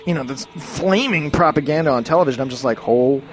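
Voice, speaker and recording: Rambling, swearing man from Canada. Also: fast. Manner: rambling, swearing, restarts, sudden high exclamations. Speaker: ranting commentator. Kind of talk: profane rambling rant.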